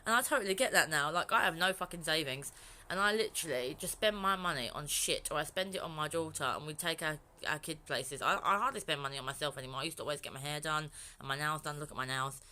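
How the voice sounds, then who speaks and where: Low, bright-toned young woman vlogging. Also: fast. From England. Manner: frank and rambling, swears freely. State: emotional, near tears. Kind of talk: candid personal vlog.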